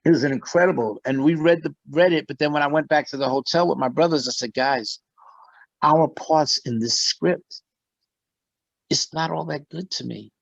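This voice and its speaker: A middle-aged man, a musician and actor, telling stories as a guest in a casual interview, animated and often laughing. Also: fairly high pitch, moderate pace, creaky, dry recording, muffled recording.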